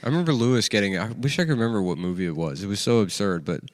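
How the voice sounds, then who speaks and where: Guy, lowish voice, rambling swear-heavy stories on a comedy podcast. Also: lively intonation, very fast, dry recording, clean studio sound. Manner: rambling, profane, acts out quotes. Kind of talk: casual banter, storytelling.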